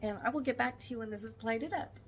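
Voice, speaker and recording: An older woman vlogger cooks in her home kitchen while talking casually and tenderly, with real emotion, to her viewers. She sounds a little high and fast, and the rough recording has a bit of hiss or hum.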